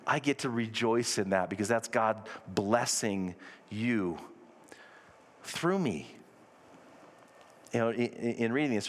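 Guy preaching, chatty, pokes fun at himself, big church hall echo. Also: mid-range voice. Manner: conversational, self-deprecating asides. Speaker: pastor. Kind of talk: sermon. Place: church sanctuary. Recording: long reverb of a large hall.

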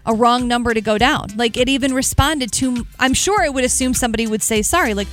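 A young woman, co-hosting morning radio and telling stories with lively, acted-out dialogue. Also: on the high side, fast, faint music behind. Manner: animated storytelling, acts out both sides of a phone call. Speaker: radio co-host. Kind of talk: casual morning radio chat.

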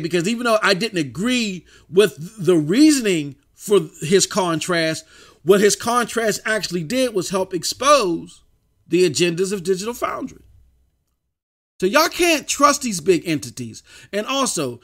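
A man's voice: high voice, sing-song, measured pace, fairly bright tone. A man hosting a livestream in casual, off-the-cuff chat, talking emphatically with frequent stumbling restarts. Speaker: livestream host.

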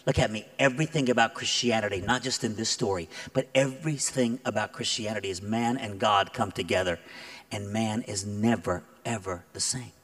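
A man preaching a sermon as a guest speaker, telling stories conversationally with many fillers and building to loud, emphatic peaks. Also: fairly low pitch, brisk. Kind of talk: sermon with storytelling.

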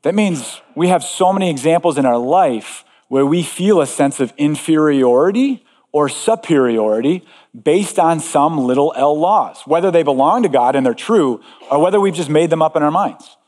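A man's voice: fairly high pitch, expressive, moderate pace, a little mellow, in a large hall. A man preaching a sermon as pastor, earnest and emphatic, repeating key phrases.

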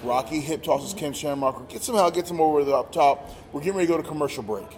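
A man telling a story in casual chat, acting out quotes with animated energy. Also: a little high, fast talker. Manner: animated, acts out quotes loudly. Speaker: podcast guest, former wrestler. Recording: roomy with long reverb and faint noise.

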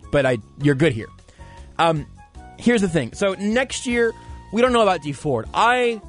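A man hosting a sports talk show, chatting casually and reading out listener comments. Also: fairly high pitch. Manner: rambling, conversational, reads listener comments aloud. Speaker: sports radio host.

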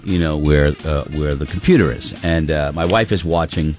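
A man's voice: a bass voice, moderate pace, darkish tone, soft background music. A middle-aged man hosting a morning radio show, telling rambling stories in casual banter with lots of fillers and restarts.

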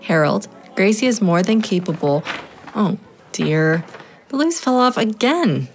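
A woman's voice: mid-range voice, lively intonation, a little slow, soft background music. A woman playing a kind, encouraging grade-school teacher in a children's audio drama. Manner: warm, encouraging.

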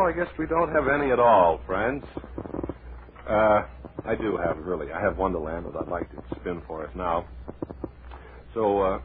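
A man hosting a comedy radio show in a deadpan, rambling, mock-serious way, heard on a tinny old radio recording with light hiss. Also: lowish voice. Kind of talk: deadpan comic radio patter.

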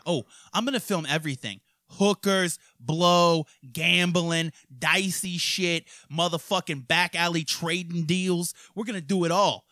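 A man from hosting a podcast, telling crude stories in a rowdy, profane, animated way. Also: sits high, a little slow, hardly any pauses, dry recording, clean studio sound. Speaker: podcast host. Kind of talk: crude casual storytelling.

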